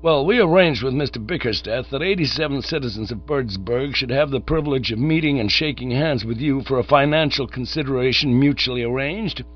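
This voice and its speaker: A man's voice: mid-range voice, a little fast, few pauses, voice pushed up, natural voice. A man doing a hearty small-town booster. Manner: hearty, salesman-like and eager. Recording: dull audiobook recording with mains hum.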